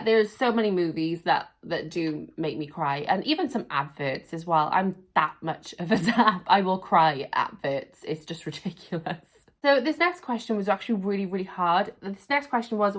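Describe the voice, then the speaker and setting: A woman in her thirties answering viewer questions in a chatty, self-deprecating vlog, laughing often. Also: mid-range voice. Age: 30s. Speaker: YouTuber. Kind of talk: casual Q&A vlog.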